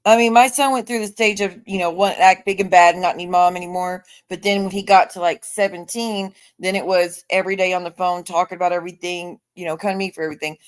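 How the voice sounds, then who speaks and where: A woman's voice: on the low side, steady tone, fast talker, few pauses. Chatty woman hosting a livestream. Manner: chatty, reads viewer comments aloud. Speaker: livestream host. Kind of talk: casual livestream chat.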